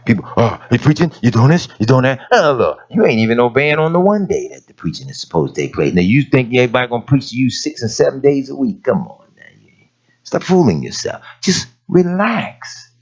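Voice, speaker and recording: A man preaching a sermon in a folksy, animated way, dropping to hushed asides and rising to sudden shouts. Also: medium pitch, brisk, creaky, breathy edge. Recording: dull lo-fi recording.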